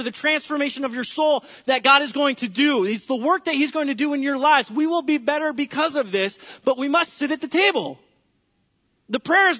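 A man's voice: very high-pitched, bright, forceful tone. A pastor preaching a sermon to his congregation, acting out the voices of people praying and talking with the people in the room. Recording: echoey hall, dull lo-fi sound.

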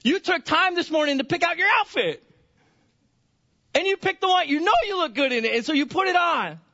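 A man's voice: extremely high pitch, lively intonation, brisk, bright, forceful tone, lo-fi sound. A man preaching a Sunday sermon in a church, conversational, often repeating words and restarting phrases. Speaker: pastor.

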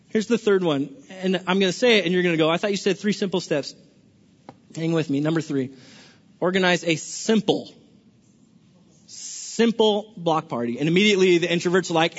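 A man preaching a sermon as a pastor, animated and playful, often stammering and restarting his sentences. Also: high voice, a little fast. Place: large church hall. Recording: dull lo-fi recording with long hall reverb.

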